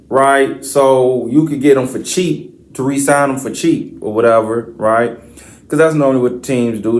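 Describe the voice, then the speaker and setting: A man hosting a sports podcast, reading stats and then ranting with profane, slangy trash talk. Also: medium pitch. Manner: reads stat lines in a flat list. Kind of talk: sports commentary rant.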